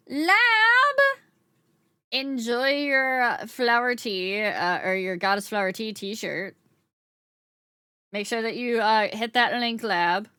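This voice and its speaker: A woman's voice: medium pitch, unhurried, fairly bright tone, clear, resonant tone, no echo, studio quality. A woman streamer chatting casually with her live chat while she crochets, swearing freely and laughing often.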